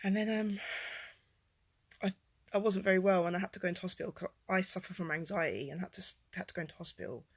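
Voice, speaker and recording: Husky woman telling her story. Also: fast, no echo. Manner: rambling, with many fillers and restarts; swings from low and quiet to loud and high-pitched. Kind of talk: personal storytelling to camera.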